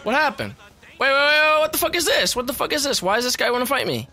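A young man talks over his gameplay in a high, very bright voice. He is loud and excitable, swears freely and laughs often as he comments. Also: quick pace. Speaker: gaming video host. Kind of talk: let's play commentary.

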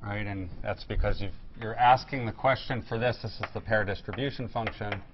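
A man's voice: lowish voice, steady tone, fairly quick, lo-fi sound, slight background noise. A man giving a technical physics lecture, explaining step by step with fillers and restarts. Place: lecture room.

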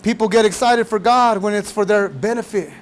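A male pastor preaching a sermon, animated and casual, with shouted bursts and playful mock voices. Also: sits high, a little fast. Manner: casual slangy talk.

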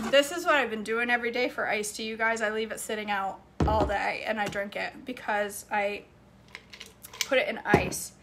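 A woman's voice: fairly high pitch, steady tone, normal speed, heavy background noise. A woman hosting a casual live cooking chat in her home kitchen, laughing often and reading viewer comments aloud. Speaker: cooking vlog host.

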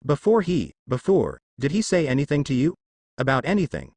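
A man's voice: a little high, wildly swooping pitch, fairly quick, darkish tone, dry recording, exaggerated voice. A guy doing a grieving young brother, earnest and pushy, voice that climbs and falls a lot, from a storybook reading in a dry room. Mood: pressing. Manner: earnest, pressing questions. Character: young man, weary, grieving, pushing his brother.

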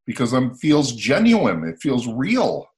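A man's voice: mid-range voice, slow pace. An American man in his sixties, a motivational speaker telling stories in a casual conversation and acting out the dialogue. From United States. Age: 60s. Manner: animated storyteller, acts out quoted dialogue.

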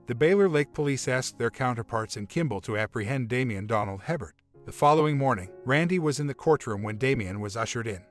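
Man narrating a story over soft music. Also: mid-range voice. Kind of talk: scripted narration. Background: faint background music.

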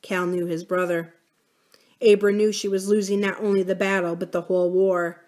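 A woman's voice: medium pitch, little pitch movement, normal speed, darkish tone. Woman reading a novel aloud. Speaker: library book-reading host.

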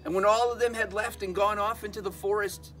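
A man telling a Bible story to children as a church storyteller, animated and often repeating words as he goes. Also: sits high, a little fast, far from the mic. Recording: music bed behind voice.

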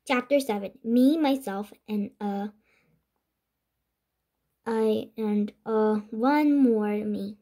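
A woman whose first language is Korean reading a children's chapter book aloud, halting and restarting words as she goes. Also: on the high side, warm tone. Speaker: reader.

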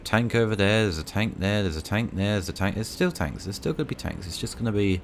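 A man with a very low, deep voice talks over his gameplay in a loose, rambling way. He pokes fun at himself and throws in dry little asides as he plays. A faint hiss sits under his voice. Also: expressive, fast. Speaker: gaming video creator.

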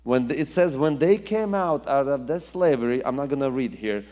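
A man's voice: medium pitch, lively intonation, normal speed, dark tone. Man preaching in an echoing hall. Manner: emphatic, rising and falling delivery with repetition. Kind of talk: sermon.

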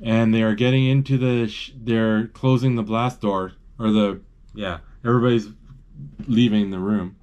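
A man giving a live, off-the-cuff retelling of a movie as he watches it, halting and correcting himself as he thinks aloud. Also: on the low side, steady tone, a little mellow, highs cut off. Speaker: channel host describing a movie. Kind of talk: live play-by-play retelling of a film.

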